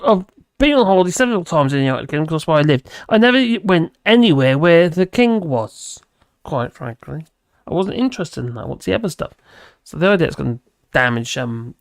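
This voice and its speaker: A man's voice: fairly high pitch, lively intonation, a little fast, gravelly, no room sound, clean studio sound. A man hosting a casual livestream, rambling and humming to himself while he looks for things. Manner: rambling, hums while searching. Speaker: livestream host.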